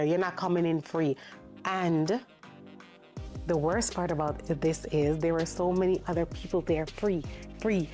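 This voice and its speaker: Animated woman telling a storytime. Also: fairly low pitch. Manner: animated, indignant retelling with quoted voices. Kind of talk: casual storytime.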